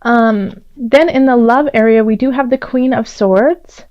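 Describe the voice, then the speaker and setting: A woman gives a casual tarot reading in a fairly high, smooth and clear voice. She chats along with many fillers and keeps checking in with "okay?" The recording has a slightly dull, lo-fi sound. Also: unhurried. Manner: chatty, warm-hearted, many fillers and "okay?" check-ins; laughs often while speaking. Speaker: tarot reader.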